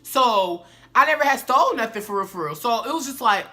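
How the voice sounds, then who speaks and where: A young woman telling a story to her viewers in a casual, animated, slangy way. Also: a little high, brisk. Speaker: vlogger.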